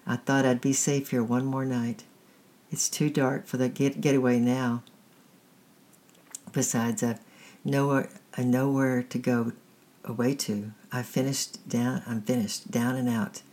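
A woman's voice: very deep voice, level tone, unhurried, warm tone. A woman reading a storybook aloud, voicing a weary, blunt middle-aged male thief who is kind underneath. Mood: resigned. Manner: blunt, rough, hesitant.

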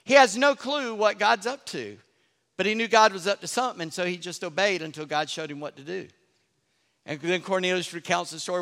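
Man preaching, bright ringing voice, higher pitch, long hall echo, animated storyteller. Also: quick pace, creaky. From Charleston, South Carolina. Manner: animated storytelling, drops to a hush for effect. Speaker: pastor. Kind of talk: sermon.

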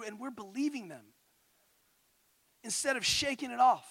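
A man from California with a high-pitched voice preaches a sermon in his thirties. He moves between hushed, intimate confession and loud, rousing calls to the congregation. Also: expressive, normal speed, vocal fry, pauses often, husky, dry recording. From California, USA. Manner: passionate, swings from quiet intimate tones to loud exhortation.

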